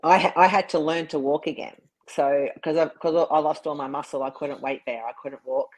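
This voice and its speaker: A man's voice: on the high side, steady tone, brisk, low-quality recording. A man, a bodybuilder, talking as an interview guest. He tells his story earnestly and sometimes repeats words.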